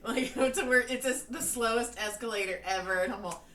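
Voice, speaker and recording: A woman's voice: on the high side, fast talker, few pauses, fairly bright tone. A woman co-hosting a podcast, telling everyday stories in casual chat and laughing often. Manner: giggly storyteller, laughs often. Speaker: podcast co-host. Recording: echoey room, distant mic, faint noise.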